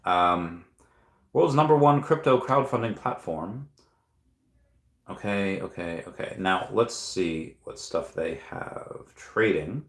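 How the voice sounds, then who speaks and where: Low-voiced man rambling on a livestream. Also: lively intonation, slow, fairly bright tone, roomy sound. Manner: rambling, thinking aloud with many fillers. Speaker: crypto livestream host. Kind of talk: casual livestream chat, reading viewer comments aloud. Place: room at home at night.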